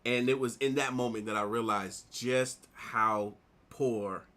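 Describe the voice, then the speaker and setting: A man in his thirties, an artist vlogger, casually telling a personal story in a rambling, animated way while he works on a drawing. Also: medium pitch, a little slow. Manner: rambling, animated retelling with repeated "like".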